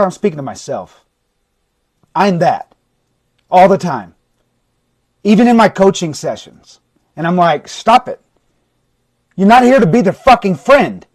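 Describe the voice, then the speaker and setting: A man's voice: mid-range voice, no echo. Blunt, intense recovery coach, man. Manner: blunt, swearing, intense; swings from shouting to quiet. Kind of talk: livestream talk to viewers. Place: indoors, livestream. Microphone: phone or webcam mic.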